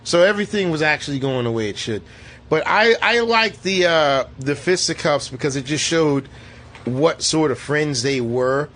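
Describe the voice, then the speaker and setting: A man casually reviewing a movie with a co-host, animated and profane, acting out scenes as he talks. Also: a little high, normal speed. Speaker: podcast co-host. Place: movie theater.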